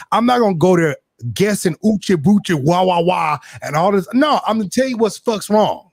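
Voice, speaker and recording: On a casual talk show, a podcast guest whose voice sits high recounts a story candidly and with plenty of swearing. Animated, he acts out the quoted exchanges, captured in a dry recording with clean studio sound.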